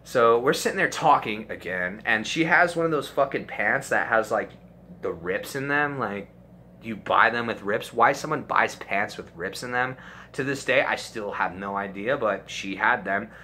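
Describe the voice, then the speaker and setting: Bright-voiced young man telling crude stories. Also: lowish voice, moderate pace, a little hiss or hum. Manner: crude, profanity-heavy, animated storytelling. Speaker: storytime YouTuber. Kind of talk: casual storytime.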